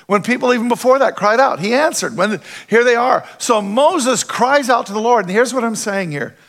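A man's voice: extremely high pitch, animated, moderate pace, a bit bright. A middle-aged man preaching a conversational sermon as a pastor, often checking in with his listeners with questions.

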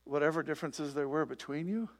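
Man, pastor, sermon, gravelly voice, slightly high pitch, conversational, rhetorical questions, live congregation. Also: quick pace. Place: church, before a live congregation.

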